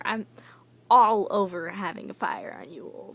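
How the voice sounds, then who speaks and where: A young woman telling a casual, rambling vlog story, full of fillers and with soft whispery asides. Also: medium pitch, unhurried. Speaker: vlogger.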